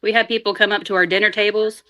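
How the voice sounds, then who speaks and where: A woman guest on a chat show, telling family stories in a casual, animated way and laughing often. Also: mid-range voice, fast talker. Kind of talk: casual storytelling.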